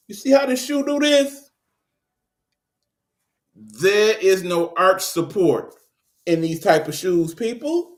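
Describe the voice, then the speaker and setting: A man with a Detroit accent hosts his own online show, delivering a casual ranting monologue that's blunt, profane, and joking. His high-pitched voice is animated and fairly bright, and he speaks slowly with frequent pauses.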